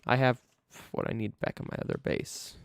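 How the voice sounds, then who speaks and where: A man's voice: medium pitch, wildly swooping pitch, normal speed, gravelly, dry recording. A man live-streaming a building game, chatting casually and thinking aloud to himself as he works.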